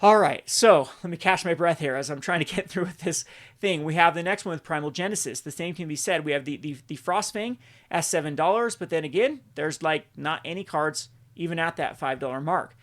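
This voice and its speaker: Rambling man with a slightly high voice. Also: fairly quick, a bit bright. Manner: rambling, self-correcting, exasperated asides. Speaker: channel host. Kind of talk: casual market commentary video.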